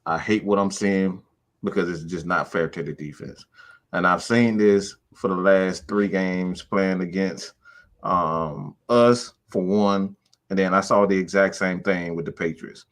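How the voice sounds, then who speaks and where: A man co-hosting a casual sports talk show, deliberate and building to emphatic repetition. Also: low-pitched, fairly even intonation. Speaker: podcast co-host.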